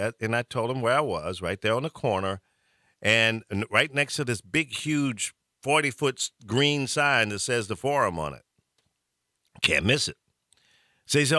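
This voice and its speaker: Animated, bright-voiced male talk host. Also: medium pitch, normal speed, dry recording, clean studio sound. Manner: animated, chuckling storyteller. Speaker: radio talk show host. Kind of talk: casual storytelling chat.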